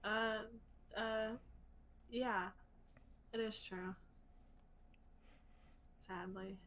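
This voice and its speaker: A woman playing in a tabletop game, animated and rambling, swearing freely. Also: mid-range voice, drawn-out words, slight background noise, low-quality recording. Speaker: player. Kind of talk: casual tabletop play.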